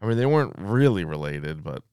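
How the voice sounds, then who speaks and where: A man's voice: low-pitched, very animated, brisk, a little mellow, smooth, dry recording, clean studio sound. A man in his thirties co-hosting a podcast in casual chat, laughing often and swearing freely. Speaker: podcast co-host.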